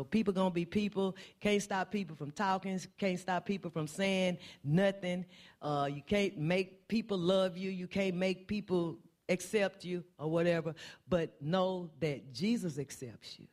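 Impassioned woman preaching in church. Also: a little mellow. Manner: impassioned, repetitive refrains, pitch climbing on key phrases. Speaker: church speaker. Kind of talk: sermon.

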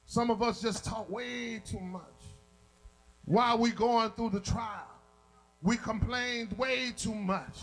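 A man preaching a fervent sermon, chanting and shouting to his congregation and calling for amens. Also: extremely high pitch, slow pace, low-quality recording. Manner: calls out to the congregation.

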